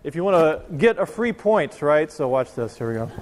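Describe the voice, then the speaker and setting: A man's voice: fairly high pitch, very animated, moderate pace, a little hiss or hum. A man teaching a university physics lecture in a casual, joking way, talking straight to his students. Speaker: physics professor. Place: lecture hall. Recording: long reverb of a lecture hall.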